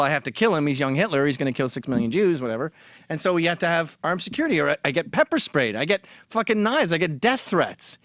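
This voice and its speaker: Middle-aged male host, sarcastic and heated, swearing freely; fairly high and animated delivery, dry recording. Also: no echo. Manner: sarcastic and heated, swears often, quotes tweets back. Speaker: commentator reading tweets on his show. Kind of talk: profane opinion commentary.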